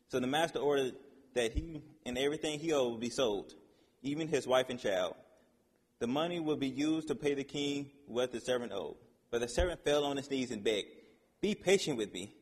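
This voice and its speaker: A man giving an informal sermon, reading a Bible passage aloud and explaining it in a casual, halting way with restarts. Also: mid-range voice, breathy edge, in a large hall. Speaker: preacher.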